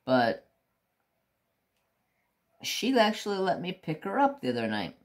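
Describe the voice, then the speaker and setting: An unhurried man rambling to his viewers while he works on a craft. He drifts from one thought to the next and swears casually as he goes. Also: high voice, wildly swooping pitch. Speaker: craft vlogger.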